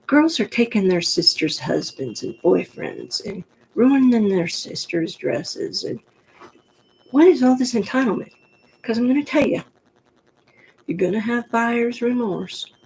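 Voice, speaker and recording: A woman from the New York Pocono area with a gruff voice, rambling frankly in a casual monologue to the camera. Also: on the high side, animated, takes it slowly, long pauses, a little mellow, a little hiss or hum, low-quality recording. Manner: chatty, digressive, frank. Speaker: vlogger.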